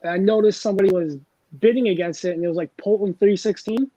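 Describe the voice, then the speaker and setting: A man's voice: high voice, fast talker, dark tone, no echo, rough recording. A man hosting a casual chat and telling long, rambling, self-deprecating anecdotes, wired on coffee. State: over-caffeinated. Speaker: host.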